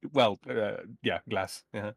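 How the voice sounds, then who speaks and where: A man's voice: fairly low pitch, very slow, creaky, dry recording, highs cut off, soft background music. A man in casual chat, wry and playful, with dry jokes and asides. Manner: wry, playful, drops into mock accents.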